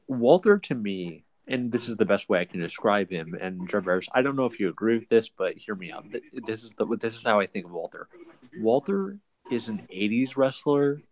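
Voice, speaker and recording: A man's voice: medium pitch, rough recording. A young man co-hosting a casual wrestling chat, offering opinions and often starting his lines with "which". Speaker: podcast co-host.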